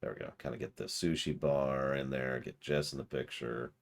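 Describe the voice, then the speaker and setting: A man's voice: a bass voice, fairly even intonation, normal speed, gravelly. A man streaming a video game, rambling and joking at himself as he plays. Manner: rambling, jokey, self-mocking. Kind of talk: let's-play commentary.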